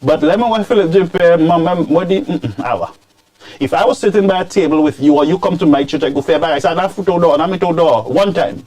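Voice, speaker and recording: A man hosting political commentary, scolding and animated, dropping into Creole phrases. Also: a little high, fairly quick. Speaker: commentary show host.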